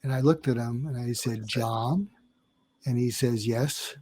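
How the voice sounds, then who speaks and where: Older male psychiatrist guest, mid-pitch, dry close sound, rambling anecdotal delivery. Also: steady tone, moderate pace, warm tone, breathy edge, no room sound. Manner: meandering, filler-heavy, acts out quoted dialogue. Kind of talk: storytelling in a podcast interview.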